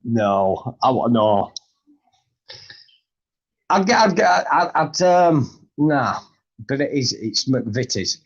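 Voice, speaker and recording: A man's voice: mid-range voice, sing-song, slow, pauses often. A man chatting on a live stream, blunt, sweary and grumbling. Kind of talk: casual live chat. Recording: dull lo-fi stream audio.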